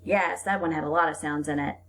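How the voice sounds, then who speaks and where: A young woman teacher leading a phonics lesson for young children, stretching out sounds and giving encouraging praise. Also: low-pitched. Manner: slow, drawn-out sounds with lively, encouraging praise.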